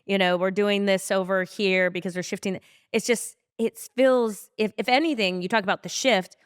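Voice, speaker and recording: A woman's voice: mid-range voice, fairly even intonation, moderate pace, clean tone, no echo, clean studio sound. A woman hosting a podcast, chatting casually and enthusiastically, often agreeing with her guest. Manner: enthusiastic, frequent agreeing and laughing. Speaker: podcast host. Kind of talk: casual conversation.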